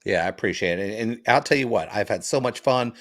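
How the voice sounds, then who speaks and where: A man's voice: on the low side, fast talker. A man co-hosting a comedy talk radio show, telling stories in a casual, laid-back way from the studio. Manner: laid-back, animated storyteller. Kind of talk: casual radio banter and storytelling.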